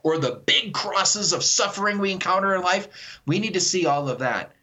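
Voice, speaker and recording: An earnest man talks on a radio call-in interview, explaining with animated enthusiasm. His voice sits slightly high and sounds bright and forceful, with frequent restarts and repeated words. He comes across as a guest author eager to make his point. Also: moderate pace.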